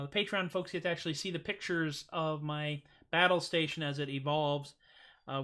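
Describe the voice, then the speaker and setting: A man's voice: fairly high pitch, pushed and bright. A middle-aged man hosting a casual livestream, rambling and joking through his thanks and plugs with plenty of fillers. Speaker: livestream host.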